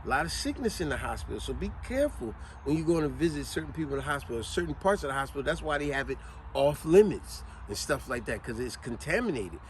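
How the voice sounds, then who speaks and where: A man's voice: on the high side, fast, slight background noise. A man hosting a vlog, explaining things casually and telling stories with acted-out quotes and sneezes. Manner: animated storyteller who acts out quotes and sneezes. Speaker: vlog host.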